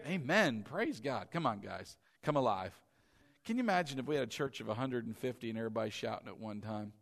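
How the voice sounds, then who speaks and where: A middle-aged male pastor preaching a sermon, loud and passionate, often calling out to the congregation for responses. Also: mid-range voice, animated, fairly quick, gravelly.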